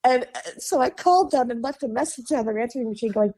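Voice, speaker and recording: A woman from Chicago with a Midwestern accent, a guest on a podcast, telling chatty and animated stories, laughing often and acting out the voices of people she quotes. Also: a little high, fast talker. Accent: Midwestern American. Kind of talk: casual interview storytelling.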